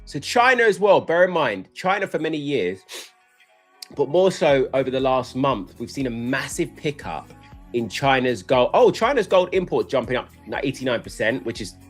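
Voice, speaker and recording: A young man hosting a live trading stream, chatting and rambling casually, with excitable bursts of laughter. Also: medium pitch, moderate pace, faint music behind.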